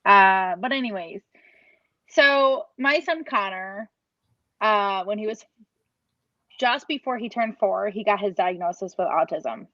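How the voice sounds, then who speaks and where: A woman's voice: mid-range voice, unhurried, pauses often, sharp tone, no room sound. Earnest woman in her thirties sharing a personal story over a video call; dry, dull lo-fi audio. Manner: earnest, rambling with restarts and quoted inner thoughts. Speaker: parent giving a testimonial. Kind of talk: emotional personal story, casual.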